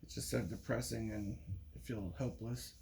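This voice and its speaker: A man's voice: lowish voice, steady tone, normal speed, gravelly, darkish tone. Rambling man with faint background hiss. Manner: rambling, with frequent restarts and profanity. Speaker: vlogger. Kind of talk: rambling monologue.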